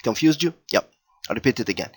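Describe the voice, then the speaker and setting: A man teaching a children's language lesson over slides, patient and deliberate, often checking in with "okay?" and restarting his phrases. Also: medium pitch, expressive, husky. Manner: patient, repeats and checks in with "okay?" and "all right?"; slow and deliberate, with fillers and restarts.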